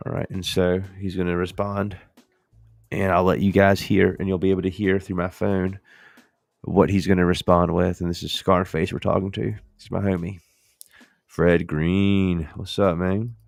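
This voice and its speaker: Deep gravelly joking man. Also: level tone, moderate pace, dry recording, soft background music. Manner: playful, joking, talks to viewers as "folks". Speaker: podcast host. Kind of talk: casual demo chat.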